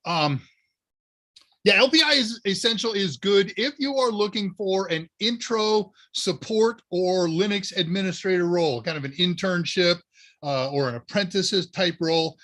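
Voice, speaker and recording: Male livestream host, casual and chatty, slightly higher voice. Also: moderate pace. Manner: relaxed, chatty, answers viewer questions. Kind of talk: casual live Q&A.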